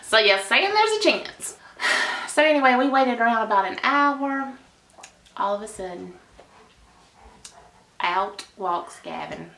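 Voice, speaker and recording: A woman's voice: on the high side, sing-song, a little slow, vocal fry, pauses often, sharp tone. A woman telling a story in a chatty, gushing way. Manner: chatty and gushing, with sighs and laughs. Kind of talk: casual storytime. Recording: echoey room.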